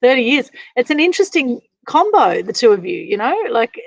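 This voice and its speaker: A woman's voice: a little high, very animated, fairly quick, gravelly, no room sound, rough recording. A woman hosting an interview over a video call, effusive and rambling, heaping praise on her guest. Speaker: interviewer, host.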